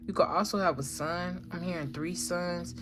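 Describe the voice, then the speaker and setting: A woman's voice: on the low side, normal speed, a bit bright, slight background noise. A woman giving a casual tarot reading, talking in a slangy, emphatic way and swearing freely. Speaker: tarot reader.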